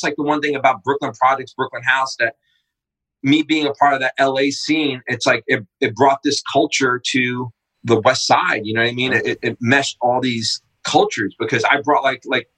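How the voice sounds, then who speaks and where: A middle-aged man, a skate shop owner, telling animated casual stories with lots of swearing and loud acted-out quotes. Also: medium pitch, moderate pace, breathy edge, rough recording. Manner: excitable, swearing, acts out quotes loudly. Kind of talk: casual storytelling.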